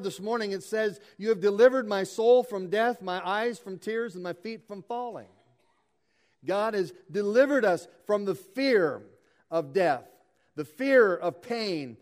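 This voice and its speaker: A man preaching a morning sermon as pastor, reading scripture slowly and earnestly and asking the congregation questions. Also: sits high.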